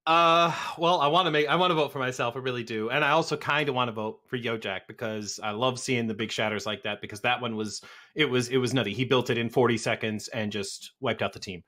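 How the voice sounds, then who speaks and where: A man on a gaming podcast weighing his vote out loud, repeating words as he thinks. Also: medium pitch, fairly even intonation, quick pace. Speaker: podcast co-host and player. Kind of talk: casual podcast chat.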